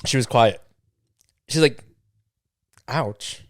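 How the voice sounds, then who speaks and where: A man's voice: medium pitch, extremely slow, no echo, clean studio sound. A young man, a podcast co-host, telling a casual story with lots of swearing and acted-out quotes of what was said. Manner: swearing, acts out quoted dialogue, many fillers.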